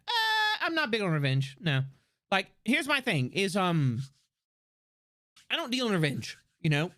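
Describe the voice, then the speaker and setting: A man hosting a live stream, talking in a casual, rambling, profane and animated way. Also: high voice, measured pace, long pauses. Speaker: livestream host. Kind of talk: casual livestream chat.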